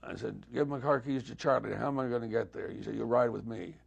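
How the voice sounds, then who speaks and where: An older man telling stories in a relaxed, anecdotal way during an interview, acting out the dialogue he quotes. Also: medium pitch, fast, creaky, slightly rough, muffled recording. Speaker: guest musician. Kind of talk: storytelling interview.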